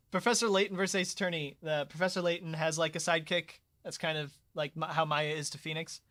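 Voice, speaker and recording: A man doing a live fan voicing of a game with friends, easygoing and quick to laugh, reading an earnest young defense attorney in his own voice. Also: fairly high pitch, fairly even intonation. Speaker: fan voice actor. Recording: loud game music behind.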